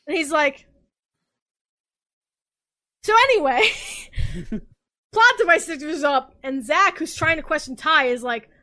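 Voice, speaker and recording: A tipsy woman hosts a comic podcast, retelling a story with frequent swearing and bursts of laughter. Her voice sits high and sounds bright and forceful. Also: a little slow, pauses often, poor audio. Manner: animated, swearing, laughing often. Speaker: podcast host.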